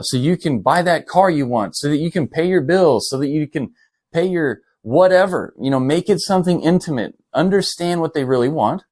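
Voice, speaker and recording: Punchy, salesy man coaching on camera. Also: fairly high pitch. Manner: punchy and repetitive, hammers points home with rhetorical questions; casual and salesy, with slang and fillers. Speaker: online business coach. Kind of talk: coaching presentation to viewers.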